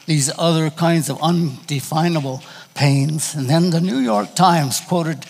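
A man preaching a sermon in a folksy, halting, conversational way, telling personal stories to his congregation. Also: on the high side, darkish tone, big-room sound.

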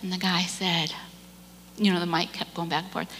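A woman giving a church message, telling a story with animated delivery and acting out the people in it. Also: lowish voice, moderate pace, big-room sound, a little hiss or hum. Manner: animated storyteller, acts out quoted voices, repeats words. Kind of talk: sermon storytelling.

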